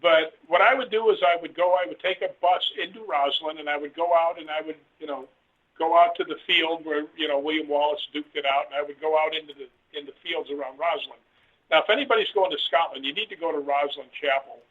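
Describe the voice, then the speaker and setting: Husky man telling stories over a phone line. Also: on the high side, a little fast. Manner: rambling, animated retelling with voiced quotes. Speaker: guest author. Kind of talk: casual storytelling interview. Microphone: phone call.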